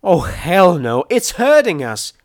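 A man voicing a brash young female unicorn pony scavenger, yelling in panic in a storybook reading. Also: a little high, moderate pace, no room sound, studio quality, voice pushed up, lightly acted. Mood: panicked yelling.

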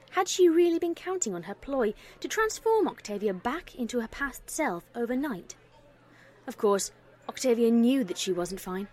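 A woman's voice: high voice, darkish tone, breathy edge. Woman reading a story aloud. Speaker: narrator. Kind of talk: fan fiction reading.

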